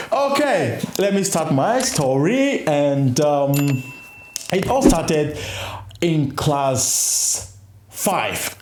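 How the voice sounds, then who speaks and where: A man hosting his own channel, telling a childhood story in a casual, excited way and laughing often. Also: a little high, echoey room. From grew up in a village, West Africa.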